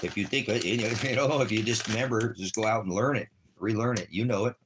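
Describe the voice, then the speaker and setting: A man's voice: on the low side, fast talker, background noise. A man, talking casually and rambling to his viewers on a livestream. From Los Angeles, United States. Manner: rambling, chatty, talks straight to viewers. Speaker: ministry livestreamer.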